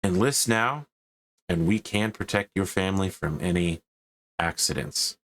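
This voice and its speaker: A man's voice: low voice, measured pace, a bit bright, a little hiss or hum. A man voicing a grim male lieutenant reading a solemn recruitment advert in a tabletop game. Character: grim male recruitment officer, space cat rider.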